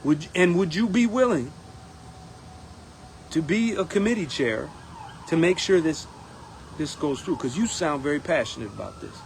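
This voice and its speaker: A man speaking in a casual campaign monologue as a union steward, animated and acting out others in quotes. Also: fairly high pitch, normal speed, vocal fry, pauses often, a little hiss or hum, rough recording. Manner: animated, acts out members' voices in quotes. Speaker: union steward running for president.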